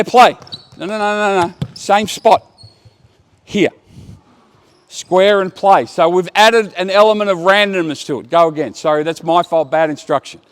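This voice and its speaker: A man running a basketball coaching clinic, giving brisk commands to players and explaining drills to the watching coaches. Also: high-pitched, smooth. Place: indoor basketball court.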